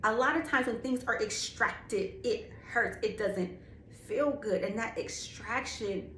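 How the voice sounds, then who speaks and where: A woman's voice: on the high side, unhurried, sharp tone. A young woman giving a candid, slangy faith testimony, emphatic and drawing out key words. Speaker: faith speaker. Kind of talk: personal testimony. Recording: echoey room with faint ambient noise.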